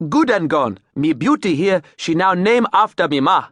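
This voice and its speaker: A boisterous, high-pitched river boat captain with a thick Creole accent, put on by a male audiobook narrator. He talks loudly in short, clipped bursts, and his voice bounces up and down. The sound is close and dry. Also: lively intonation, normal speed, no room sound. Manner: loud, emphatic, clipped broken phrasing.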